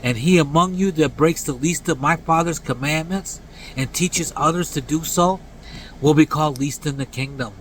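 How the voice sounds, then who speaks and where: A man's voice: moderate pace, slight background noise, rough recording. Blunt, earnest man in his late forties. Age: 40s. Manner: blunt and earnest, drops to low mumbled tags at line ends. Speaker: vlogger. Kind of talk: casual preachy rant to camera.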